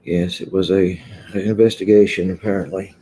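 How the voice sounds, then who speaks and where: A man's voice: deep voice, steady tone, brisk, mellow, a little hiss or hum. A man hosting a casual livestream, chatting loosely and greeting viewers one by one from an indoor room. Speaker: livestream host. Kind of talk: casual live chat with viewers.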